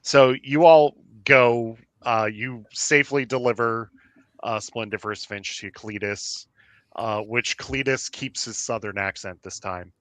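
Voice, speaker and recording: A man narrating as game master for a tabletop game, halting and filling pauses as he goes. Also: mid-range voice, a bit bright, no echo. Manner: halting, full of fillers and restarts.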